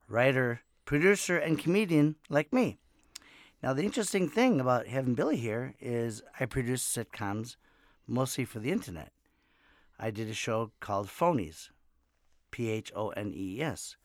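A man's voice: fairly low pitch, no room sound, clean studio sound. A man in his fifties, a comedian and podcast host, telling casual stories in a rambling way and laughing often. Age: 50s. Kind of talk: casual monologue. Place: home in Los Angeles.

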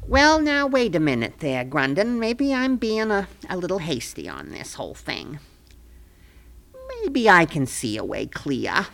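A woman voicing a bossy, sharp-tongued small-town official in a comic radio play, with a folksy, scolding way of talking. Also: on the low side, wildly swooping pitch, a little slow, creaky, full character voice. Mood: scheming.

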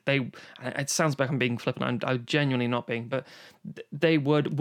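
A man in casual podcast chat about film, animated and profane, acting out quotes as he goes. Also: mid-range voice. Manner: animated, swearing, acts out quotes. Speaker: podcast guest discussing films.

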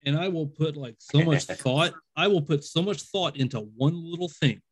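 Describing himself as a skeptic and overthinker, a man shares ghost stories in relaxed conversation, wandering off track and performing the quoted lines. His voice is on the high side and slightly rough, at a normal speed.

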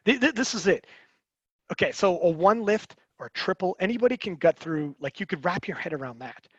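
A high-pitched man holds forth in a rambling, animated podcast chat, restarting his sentences and swearing as he goes. His voice sounds dry and close, yet dull, as if the sound were muffled. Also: a little fast, dry recording.

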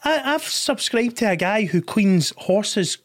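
A man with a high voice hosts a casual podcast chat. He talks in an animated way, swears freely and laughs often. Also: slow pace. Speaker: podcast host.

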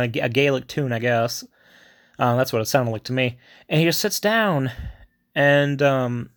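A man casually retelling a film plot in a rambling way, with many fillers and asides. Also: mid-range voice.

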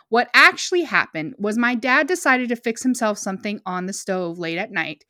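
A young woman co-hosting a podcast, reading a story aloud and then chatting, emotional and quick to get choked up. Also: mid-range voice, lively intonation, bright, forceful tone, no room sound, studio quality. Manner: emotional, choked up, laughs often. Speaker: podcast co-host.

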